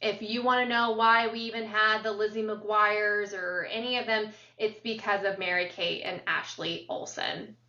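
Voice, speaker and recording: A woman co-hosting a podcast, chatting casually as an animated storyteller who fills her talk with ums and uhs. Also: mid-range voice, normal speed, few pauses. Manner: animated storyteller, lots of fillers. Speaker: podcast co-host. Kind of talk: casual chat. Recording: roomy, distant, dull sound.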